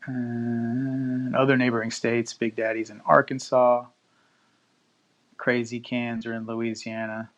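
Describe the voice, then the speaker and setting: A male podcast host on a live stream, talking in a loose, casual way. He reads news stories aloud and drops profane asides along the way. His voice sits at an ordinary middle pitch for a man. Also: little pitch movement, takes it slowly, muffled recording.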